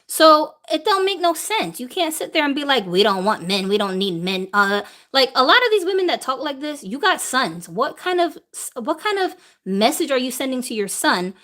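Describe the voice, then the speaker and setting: A woman's voice: high voice, sing-song, normal speed, few pauses, sharp tone. A woman hosting a live viewer Q&A, talking in an emphatic way and throwing out rhetorical questions. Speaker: host answering viewer questions. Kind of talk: live-stream opinion talk.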